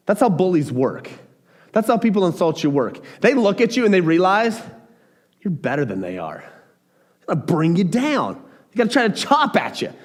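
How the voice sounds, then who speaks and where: A man preaching a sermon as pastor, talking in an animated, emphatic way with frequent restarts. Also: high-pitched.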